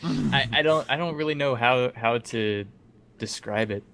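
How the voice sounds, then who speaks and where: A man's voice: medium pitch, a little slow, vocal fry, fairly bright tone. A man chatting on a podcast, explaining game rules at length with lots of filler words. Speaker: podcast co-host. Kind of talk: casual podcast chat.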